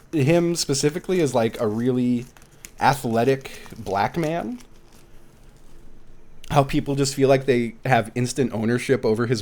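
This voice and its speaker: A man chatting casually on a live game stream, telling stories with lots of laughter. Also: medium pitch. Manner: animated storytelling with frequent laughs. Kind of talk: casual live-stream chat while gaming.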